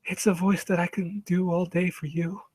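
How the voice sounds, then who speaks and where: Guy doing a sugary gushing voice, slow and breathy, way up high and quiet. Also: little pitch movement, dry recording. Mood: adoring.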